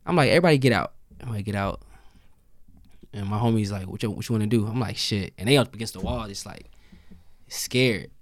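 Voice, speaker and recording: A man's voice: lowish voice, fast, no room sound, clean studio sound. A young man, a guest on a casual podcast, telling a long story and acting out what each person said. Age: young adult. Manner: animated storyteller who acts out quoted lines.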